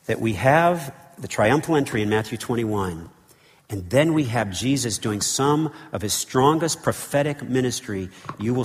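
A man's voice: mid-range voice, long reverb tail. A man preaching a sermon as pastor, emphatic, with repeated phrases and casual asides to the congregation. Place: church sanctuary.

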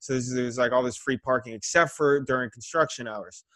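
A man telling a long, rambling story in casual chat, animated and swearing a lot. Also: medium pitch, fairly quick, no echo. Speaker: podcast co-host.

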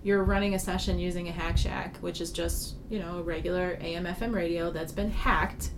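A woman co-hosting a casual talk about ghost hunting, telling stories in an animated way. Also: fairly low pitch, fairly quick, background noise. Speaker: paranormal investigator, co-host. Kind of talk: casual podcast chat.

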